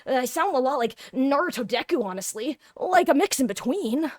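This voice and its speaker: A woman voicing an upbeat young male anime protagonist in an eager, bright delivery. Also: high-pitched, lively intonation, normal speed, no room sound, studio quality, voice pushed up. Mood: chatty.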